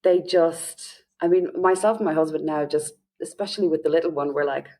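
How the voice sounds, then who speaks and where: A woman with an Irish accent, a parenting coach explaining advice in a lively podcast interview. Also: low-pitched, brisk, slight background noise. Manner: lively, often acts out quoted parents and children.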